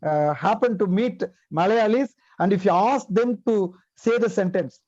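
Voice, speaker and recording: A man with a very high voice and an Indian English accent gives a spoken English lesson, a Tamil native speaker who keeps repeating key words and asking rhetorical questions. The sound is dry and close, with a dull, muffled quality. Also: moderate pace, a little mellow, dry recording. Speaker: English teacher.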